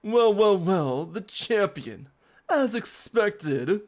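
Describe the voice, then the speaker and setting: A streamer voicing a pompous, theatrical young male villain from a video game, with slow, drawn-out, haughty delivery. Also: medium pitch, animated, voice pushed up.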